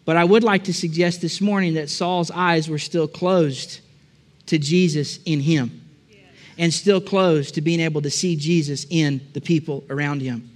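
A man's voice: a little high, steady tone, measured pace. A man preaching a sermon in a church, telling a story casually and then building to emphatic, repeated lines. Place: church with a balcony.

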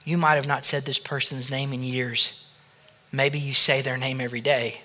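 Bright-voiced pastor leading quiet prayer. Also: male voice, medium pitch, flat delivery. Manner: soft, slow prayerful guidance that rises to loud praise. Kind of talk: sermon with guided prayer.

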